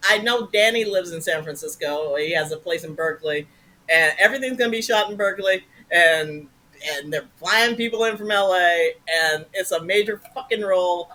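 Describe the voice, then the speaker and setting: Bright, forceful woman telling a story. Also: mid-range voice. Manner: animated, profane, acts out voices in her anecdotes. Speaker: interview guest. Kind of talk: casual storytelling.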